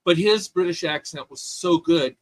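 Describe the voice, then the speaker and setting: A man co-hosting a casual podcast chat, opinionated and animated, with many restarts. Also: on the high side, moderate pace, no room sound, low-quality recording. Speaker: podcast co-host.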